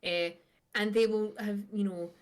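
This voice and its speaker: A woman's voice: mid-range voice, steady tone, measured pace. A Scottish woman co-hosting a podcast, talking in a blunt, dry, exasperated way. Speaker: podcast co-host. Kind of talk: casual podcast chat.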